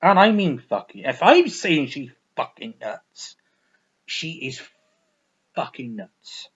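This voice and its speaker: A man's voice: on the high side, very animated, slow pace, fairly bright tone, husky, muffled recording. A man ranting casually about old video games, rambling, swearing a lot and repeating himself. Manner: rambling, profane, repetitive. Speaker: gaming vlogger. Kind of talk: casual game review rant.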